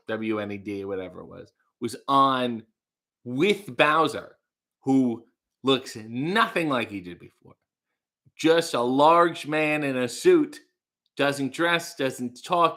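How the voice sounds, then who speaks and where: A man's voice: medium pitch, bright, forceful tone. A man hosting a casual livestream, reading chat messages aloud, rambling and trailing off into mumbles. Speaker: livestream host.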